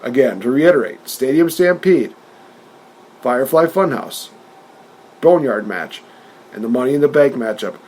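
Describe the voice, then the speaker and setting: A man's voice: mid-range voice, lively intonation, moderate pace, long pauses, darkish tone, husky. A man co-hosting a podcast in casual chat, retelling events animatedly and often laughing. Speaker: podcast co-host.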